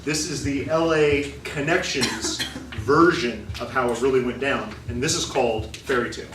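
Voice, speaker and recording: A man's voice: medium pitch, moderate pace, very noisy. A man narrating an improvised comic story on stage, chuckling often. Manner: chuckling, playful. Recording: echoey room from far off.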